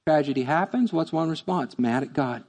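High-voiced preacher in a reverberant church. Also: male voice, moderate pace. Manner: conversational, animated, acts out voices. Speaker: pastor. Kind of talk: sermon.

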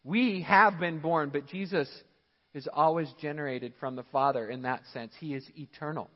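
A man's voice: a little high, normal speed. A man preaching a sermon as pastor, emphatic and repeating key phrases for stress. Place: church sanctuary. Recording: church hall reverb, dull lo-fi audio.

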